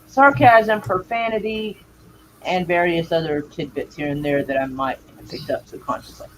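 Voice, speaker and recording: A speaker joining a casual movie review chat, self-mocking and quick to laugh. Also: mid-range voice, slight background noise, low-quality recording.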